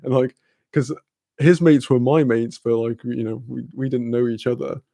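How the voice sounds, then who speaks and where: A man's voice: medium pitch, steady tone, moderate pace, gravelly, dark tone, dry recording. A young man streaming, telling a rambling, sweary story with lots of fillers and laughs. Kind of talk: casual storytelling chat.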